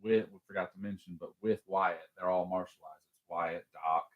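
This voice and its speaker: A man's voice: low-pitched, steady tone, normal speed, phone-quality sound. A man co-hosting a podcast, retelling a movie scene by scene in casual, rambling chat full of fillers. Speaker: podcast co-host. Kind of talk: casual film-recap chat.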